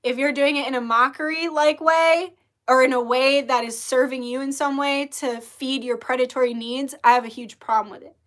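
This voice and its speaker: A woman with a high, bright voice talks straight to her viewers in a loose monologue. She is blunt and heated and swears freely. Her delivery is sharp and fast to rise. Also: steady tone. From Native American. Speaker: spiritual livestream host. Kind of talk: casual monologue storytelling.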